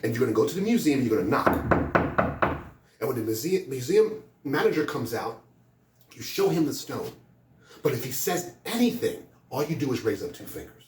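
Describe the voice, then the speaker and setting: A calm, wise poor father who patiently instructs his son, as a male storyteller voices him. His voice is lively and moves freely in pitch. The sound is roomy and distant. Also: normal speed, noisy background, close to an everyday voice. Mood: instructing. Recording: echoey room from a distance.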